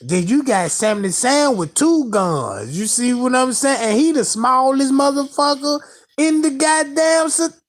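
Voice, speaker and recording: A man's voice: very high voice, lively intonation, a little slow. A man giving heated, profane reaction commentary in slang, addressing his viewers directly. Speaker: online commentator.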